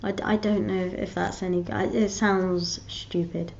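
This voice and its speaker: A woman vlogger talks casually to her viewers in a middle-pitched voice. She rambles, restarts her sentences and giggles often. The recording sounds dull and lo-fi. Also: normal speed, vocal fry, a little mellow. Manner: rambling, giggly, self-interrupting. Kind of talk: casual chat to camera.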